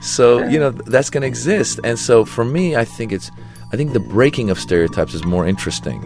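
A middle-aged comedian man answering interview questions in a loose, animated way, slipping into mimicked voices as he tells stories. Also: mid-range voice, fairly quick, music in the background. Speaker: comedian guest.

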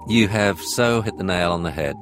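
A man from England, a veterinarian and dog trainer, talking lively and jokey in an interview. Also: sits low, normal speed, soft background music. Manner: lively, jokey, acts out voices.

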